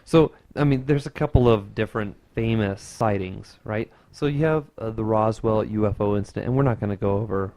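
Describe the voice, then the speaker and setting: A man's voice: fairly low pitch, brisk, few pauses, mellow, no echo. A young man co-hosting a casual podcast, rambling loosely with lots of fillers and easy laughs. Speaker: podcast co-host.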